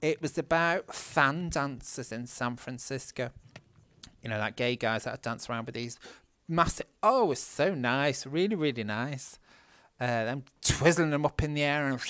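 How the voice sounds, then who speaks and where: A Northern English gaming vlogger, medium in pitch and moderate in pace with a fairly bright tone, chats and curses freely while narrating a story over his gameplay. The recording is dry.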